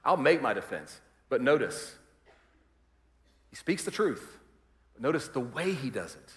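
Animated male pastor in a reverberant hall. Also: mid-range voice, unhurried, pauses often. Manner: animated, acts out quoted voices, varies volume widely. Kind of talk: sermon. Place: large church hall.

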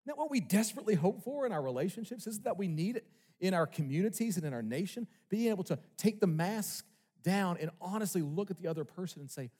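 Speaking fast in a high, dark-toned, animated voice, a male pastor preaches emphatically and asks his congregation rhetorical questions. The setting is a church sanctuary, with a large hall's long reverb on the recording.

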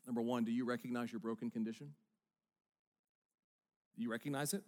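A man's voice: mid-range voice, fairly even intonation, brisk. Earnest man preaching a sermon. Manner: earnest, swings from hushed to emphatic. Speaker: pastor.

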